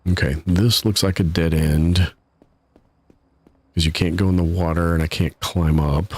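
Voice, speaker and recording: A man's voice: low-pitched, fairly even intonation, measured pace, no echo. A man casually commenting while he streams a game live, chatty and laughing at his own troubles from his home setup. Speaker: gaming streamer.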